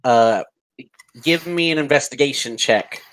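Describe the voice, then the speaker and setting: A man running a tabletop game as dungeon master, calmly narrating and asking for rolls. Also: medium pitch, measured pace. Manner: casual, steady narration with game rulings.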